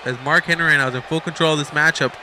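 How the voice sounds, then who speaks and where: Guy hyping up a wrestling game match, high voice, lots of hiss behind him. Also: rapid-fire. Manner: excitable, shouts at big moves, rambles and repeats himself. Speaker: YouTuber commentating his own video game matches. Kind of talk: excited play-by-play commentary.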